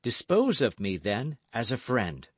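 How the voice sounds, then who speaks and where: A man's voice: mid-range voice, huge pitch swings, measured pace, no echo. Guy reading a gallant young swordsman, earnest and eager, dry close voice. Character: bold young male guardsman, earnest and gallant.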